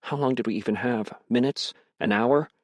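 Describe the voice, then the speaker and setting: Male narrator, audiobook reading, measured, tense, mid pitch, dry sound. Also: no room sound. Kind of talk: first-person audiobook narration.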